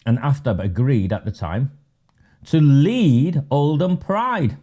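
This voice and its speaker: A man's voice: medium pitch, lively intonation, slow, mellow. A man hosting a live webinar, delivering sarcastic, mocking commentary. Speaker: webinar host and political campaigner.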